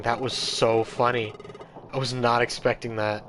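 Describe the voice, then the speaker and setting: A young man commenting live on a game playthrough, animated and musing between scenes. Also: mid-range voice, a little slow, a little hiss or hum. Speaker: streamer.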